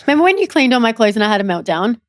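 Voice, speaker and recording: A young woman co-hosting a podcast, chatting casually and quickly, laughing often. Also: a little high, big pitch swings, no room sound, studio quality. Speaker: podcast co-host. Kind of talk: casual chat.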